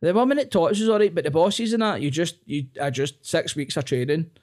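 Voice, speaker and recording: A man's voice: fairly high pitch, a little fast, a little mellow. A young Glaswegian man, a stand-up comedian, telling sweary stories in casual podcast chat and laughing often. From Scotland.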